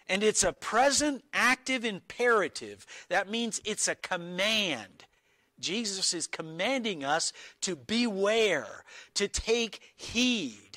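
A man's voice: sits high, lively intonation, sharp tone, no room sound. A man preaching an earnest expository sermon, reading Bible verses and stressing key words with small restarts. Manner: slow, deliberate with small restarts.

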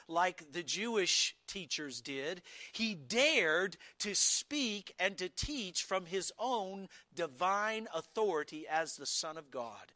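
A man preaching a sermon, explaining scripture in an emphatic, deliberate way with occasional restarts. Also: high voice, animated, bright, forceful tone, dry recording. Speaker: pastor.

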